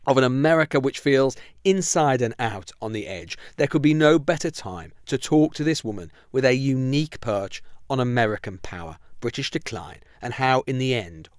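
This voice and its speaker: A man's voice: medium pitch, no echo, studio quality. A man hosting a podcast, delivering a dramatic scripted intro and then interviewing in a chatty, hedging way. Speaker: podcast host.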